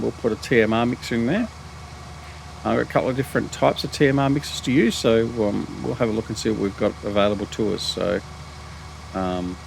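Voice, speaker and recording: A middle-aged Australian man hosts a gaming channel and casually comments on a farming game, rambling with plenty of ums and restarts and poking fun at himself. His voice is medium-pitched and creaky, with a little hiss or hum in the audio.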